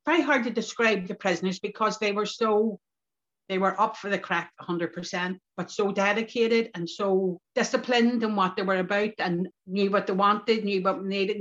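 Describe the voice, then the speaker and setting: An older woman with a Northern Irish accent, telling lively stories from her past in a relaxed interview. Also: medium pitch. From Northern Ireland. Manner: lively anecdotal, local turns of phrase. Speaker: community activist interviewee. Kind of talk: reflective storytelling. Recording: dull lo-fi podcast recording.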